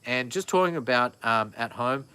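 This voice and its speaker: A man's voice: mid-range voice, expressive, moderate pace, bright, forceful tone, clear, resonant tone, no echo. A man, chatting casually and rambling on a live vlog, often correcting himself. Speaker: vlogger. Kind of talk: casual live-stream chat.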